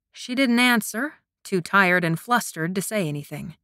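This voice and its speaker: A woman narrating a romance audiobook in a soft, intimate storytelling manner. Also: medium pitch, lively intonation, moderate pace, hardly any pauses, no room sound, studio quality. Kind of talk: scripted narration.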